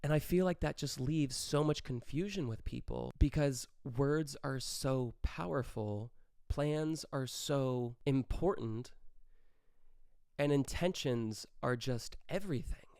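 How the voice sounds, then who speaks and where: Young male podcast host, casual solo rant, clean resonant voice, mid pitch. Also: vocal fry, clear, resonant tone, no room sound, studio quality. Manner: animated, acts out quick quoted exchanges.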